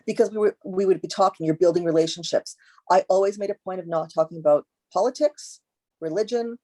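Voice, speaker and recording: A woman with a lowish, mellow voice speaks as a guest in a conversational interview. She talks emphatically, repeating her key points and acting out little exchanges with clients. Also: a little fast. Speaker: guest esthetician.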